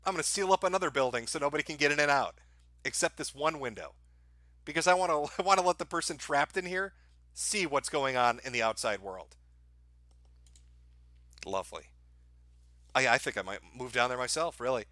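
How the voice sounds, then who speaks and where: Male stream host, dry mock-praise sarcasm, swears, lively sing-song delivery, slightly high voice. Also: dry recording. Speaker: livestream host. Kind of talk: sarcastic live-stream commentary. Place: home, dogs barking nearby.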